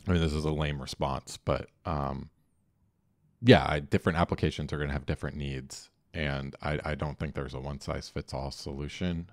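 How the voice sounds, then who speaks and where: A man with a very deep voice chats as a podcast co-host, recorded dry and close with no room sound. He talks casually and hesitantly, restarting his phrases as he works out his thoughts. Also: steady tone, brisk, no room sound. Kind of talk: casual technical chat.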